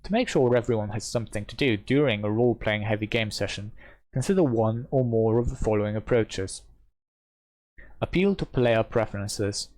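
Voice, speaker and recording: Low-voiced man reading with chatty asides. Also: normal speed. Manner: switches between steady reading and chatty asides. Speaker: streamer and game master. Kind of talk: reading a rulebook aloud with casual commentary.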